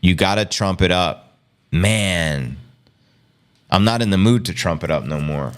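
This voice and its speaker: A man's voice: low-pitched, measured pace, clear, resonant tone. A man hosting a crypto news show, giving exasperated, incredulous live reaction commentary in a rambling way.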